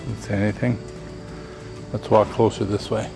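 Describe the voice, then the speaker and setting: A man's voice: fairly low pitch, flat delivery, moderate pace, vocal fry, music in the background. Playful man filming in an old barn. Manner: playful, repeats lines in a spooky voice. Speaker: vlog host. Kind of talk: casual family vlog narration.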